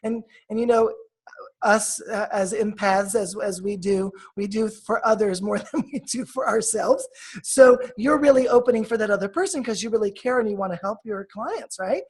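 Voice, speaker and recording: A woman healer guest who leads a guided meditation and explains energy work in a soft, measured, coaching tone. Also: medium pitch.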